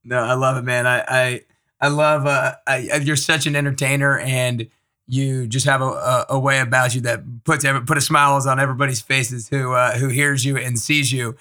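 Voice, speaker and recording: A man's voice: mid-range voice, little pitch movement, normal speed, pushed and bright. A man hosting a podcast, upbeat and enthusiastic as he introduces and interviews his guest. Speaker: podcast host.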